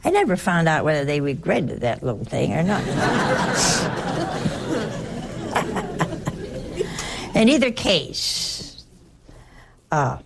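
An older nun tells a personal story, wandering and restarting as she goes. Her voice sits low and has a gravelly fry to it. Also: sing-song, normal speed, over a noisy crowd, very noisy. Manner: rambling, conversational, with frequent restarts.

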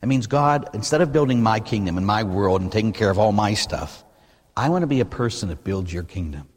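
Priest preaching in a church, low husky voice, big swings, long church reverb. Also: male voice, brisk. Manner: animated preaching, rising to near-shouting when stirred. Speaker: Catholic priest. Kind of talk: sermon.

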